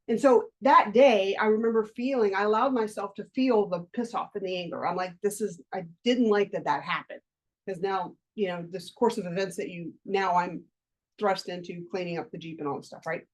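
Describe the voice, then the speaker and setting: A woman coaching a live workshop, lecturing and telling personal stories in a candid, conversational way with casual swearing. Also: medium pitch. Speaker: life coach leading a workshop.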